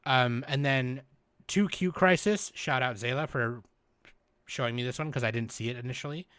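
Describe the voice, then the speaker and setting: A man hosting a podcast, recapping in a rambling, animated, casual way and swearing freely. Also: medium pitch, normal speed, no room sound. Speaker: podcast host. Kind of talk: casual chat.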